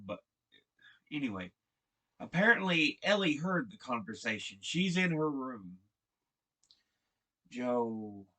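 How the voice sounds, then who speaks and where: A man casually retelling a TV episode, halting and repeating words as he restarts his sentences. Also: medium pitch, a bit bright. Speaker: show recap vlogger.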